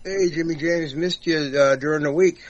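A man's voice: fairly high pitch, steady tone, moderate pace, dull audio, crowd noise. A man joining a panel talk show over a video call, rambling and full of fillers. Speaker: guest panelist.

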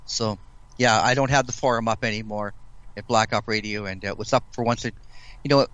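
Man, from Canada, easygoing, measured, mid pitch, dry close sound. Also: steady tone, fairly bright tone, no echo, dull audio. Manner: easygoing, measured, ends points with "right?". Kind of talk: casual conversation.

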